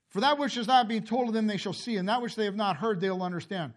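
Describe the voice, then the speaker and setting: A man preaching a sermon and reading scripture, impassioned, swinging from loud calls to low, hushed lines, often coughing and clearing his throat. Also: lively intonation, a little fast. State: emotional, tearing up. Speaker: pastor.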